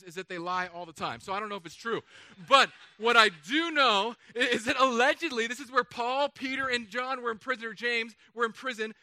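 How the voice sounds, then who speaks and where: Bright, animated high-voiced male pastor. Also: no room sound. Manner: animated, playful, acts out voices. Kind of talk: casual joking sermon. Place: church.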